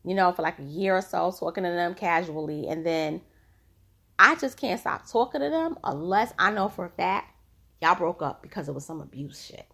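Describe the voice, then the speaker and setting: A woman's voice: on the low side, expressive, normal speed, gravelly, a bit bright. A woman casually recapping a reality TV episode, retelling scenes through quoted lines and chatty personal asides.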